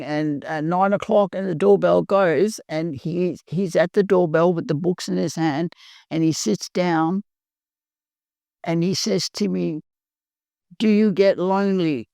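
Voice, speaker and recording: An older woman from Perth with an Australian accent, telling her recovery story in a halting, earnest way, full of pauses. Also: lowish voice, steady tone, gravelly, a little mellow, no echo, studio quality. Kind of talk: personal recovery testimony.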